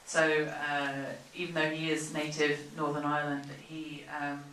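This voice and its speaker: A man answering audience questions about his film with many pauses and ums, in a cinema Q&A. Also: fairly high pitch, monotone, bright, forceful tone. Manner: hesitant, many ums, pausing restarts. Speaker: film director. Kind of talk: festival Q&A answers. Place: cinema auditorium. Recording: roomy cinema from far off, faint noise.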